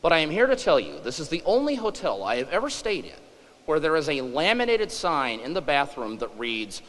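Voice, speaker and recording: A man's voice: on the high side, sing-song, brisk, a bit bright. A middle-aged man from western Kansas giving a humorous speech at a conference, with emphatic, joking asides. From western Kansas, USA. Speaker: conference speaker. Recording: echoey hall.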